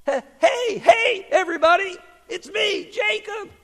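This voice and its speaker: An excitable young male donkey, proud and a little naive, voiced by a man telling a children's story. His voice rides high and swoops all over as he calls out. The sound carries a long hall reverb. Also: unhurried, creaky, full character voice. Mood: pleading. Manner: excited, high-pitched, pleading.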